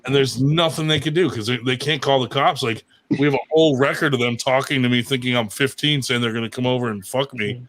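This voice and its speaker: A man's voice: medium pitch, steady tone, quick pace, fairly bright tone. A married man telling wild stories in casual chat on a show, swearing often and laughing at his own tales. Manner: crude, profane, laughing storyteller. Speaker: show regular.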